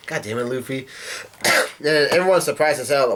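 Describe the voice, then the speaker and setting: A man's voice: a little high, a little fast, a bit bright. A man chatting casually as a vlogger, recapping a comic chapter in a rambling way with lots of fillers. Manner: rambling with many fillers and restarts.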